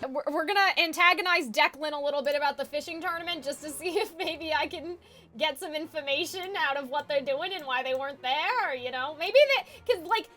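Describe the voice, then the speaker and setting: A woman streaming a roleplay game, chatting to her viewers in an excitable, giggly way. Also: sits high, fairly quick, faint music behind. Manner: giggly and excitable, exclaims often. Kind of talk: live game commentary.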